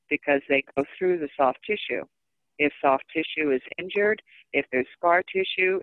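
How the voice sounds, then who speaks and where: A woman co-teaching a massage-therapy webinar, defining terms slowly and carefully with fillers, heard over a video call. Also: low-pitched, dry recording. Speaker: massage instructor co-hosting a webinar. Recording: tinny phone-like line.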